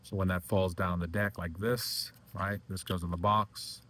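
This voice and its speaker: A man with a fairly low voice talks through a card trick step by step. His speech is loose and halting, full of fillers and restarts as he handles the deck. It sounds like an informal teaching demonstration. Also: little pitch movement, a bit bright. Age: adult. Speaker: magic instructor. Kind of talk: casual demonstration lecture.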